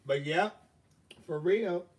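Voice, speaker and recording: Hosting his own live stream, a man drawls through a lengthy, profanity-laced story full of fillers and chatty asides. He speaks slowly in a high voice, far from the microphone.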